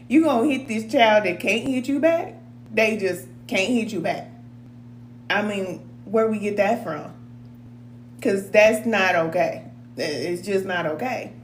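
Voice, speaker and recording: A woman spiritual advisor talks straight to her viewers, earnest and animated. Her voice sits a bit high. The room is echoey, with a faint hum behind her. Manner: earnest and animated, acts out quotes, laughs often. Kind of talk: casual advice talk to viewers.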